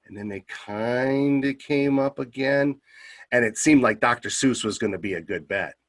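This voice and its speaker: Middle-aged man, husky voice, mid pitch, chatty storyteller at a service club speech, filler-heavy delivery. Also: moderate pace. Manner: lively anecdotal telling with many fillers. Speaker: Kiwanis club member giving a convention message.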